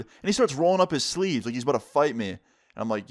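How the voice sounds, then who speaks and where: A man's voice: medium pitch, lively intonation, quick pace. Young man in his twenties, casual storytelling vlogger, loose and profane. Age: 20s. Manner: casual, swearing, conversational. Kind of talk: storytime vlog.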